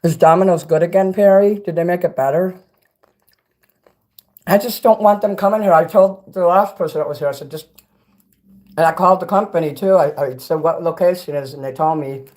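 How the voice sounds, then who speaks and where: A fairly high, slightly mellow voice moves briskly as a man from Chicago chats on a livestream. He eats snacks, reads off chat messages, and keeps up a rambling, blunt commentary with occasional cursing.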